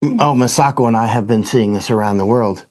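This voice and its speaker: A man's voice: mid-range voice, a little fast, darkish tone. A man with a Southern US accent, a guest in an interview, telling stories in a rambling way and often restarting his sentences. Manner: rambling, self-correcting storyteller. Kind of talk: conversational interview.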